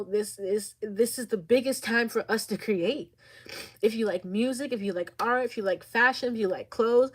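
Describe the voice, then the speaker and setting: A woman psychic reader giving a channeled spiritual reading. She is teary and emotional, and she talks in a heartfelt, rambling way with many fillers and restarts. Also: medium pitch.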